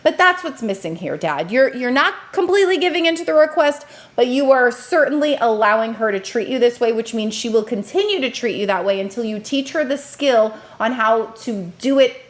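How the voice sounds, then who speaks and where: A woman in her thirties talks through a parenting clip in a casual, chatty way. Her voice sits a little high, and she slips into quick little impressions of parents and kids to make her points. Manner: animated, acts out parents' and children's lines. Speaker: educator and parenting commentator. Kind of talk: casual reaction commentary.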